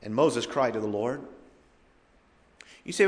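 Male pastor, sermon, dynamic preaching, swings from loud cries to hushed lows, long church hall reverb. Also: a little slow, long pauses. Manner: dynamic preaching, rising to loud emphatic cries and dropping low.

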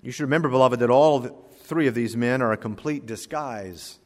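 Male preacher, mid-pitched, dramatic loud-and-soft sermon delivery, long hall reverb. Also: fairly quick. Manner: dramatic preaching, swinging between loud emphasis and quiet asides; reads scripture in King James wording. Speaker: pastor.

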